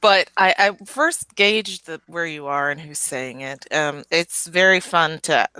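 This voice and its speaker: A woman from the Southern United States, a podcast guest chatting casually, rambling and hesitant and quick to laugh. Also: low-pitched, pushed and bright, clear, resonant tone, no echo. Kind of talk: casual interview chat.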